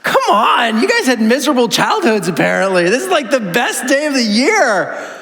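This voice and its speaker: A man's voice: extremely high pitch, big pitch swings, moderate pace, vocal fry, sharp tone, slight background noise. A man, preaching a chatty, joking sermon to his church and acting out the voices he quotes. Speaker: pastor. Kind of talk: casual conversational sermon. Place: large church hall. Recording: reverberant church hall.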